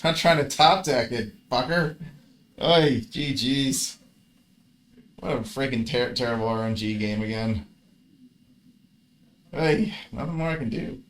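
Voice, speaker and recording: A man's voice: medium pitch, a little slow, pauses often. A man casually commentating his own card game match, grumbling and swearing at his bad luck.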